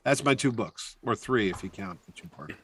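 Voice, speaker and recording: A man telling anecdotes as a guest in a casual interview, talking through long stories with animated energy. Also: fairly low pitch, fairly quick, slight background noise. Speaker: comic convention organizer, podcast guest; weekly radio show host.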